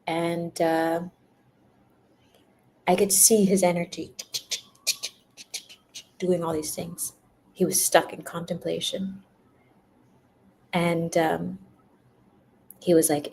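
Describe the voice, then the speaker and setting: Young female spiritual reader, unhurried and a bit low-pitched, chatty, giggly, slips into playful quoted voices. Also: flat delivery, darkish tone. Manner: laughs often, repeats words, acts out little quoted voices. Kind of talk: spiritual livestream talk.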